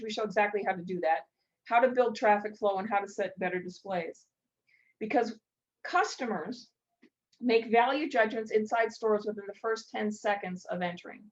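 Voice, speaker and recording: A woman's voice: fairly high pitch, muffled recording. A woman presenting retail strategies at a speaker showcase, telling stories with playful asides.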